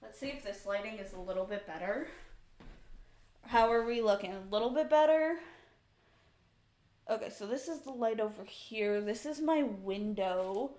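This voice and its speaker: A woman's voice: medium pitch, normal speed, pauses often. Chatty woman streamer in an echoey room. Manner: chatty, exasperated, animated retelling. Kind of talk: casual storytelling on a livestream. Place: home room with a couch.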